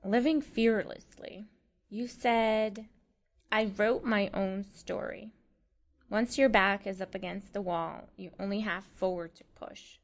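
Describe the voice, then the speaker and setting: A woman interviewing a guest in a casual chat, encouraging and quick to laugh. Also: medium pitch.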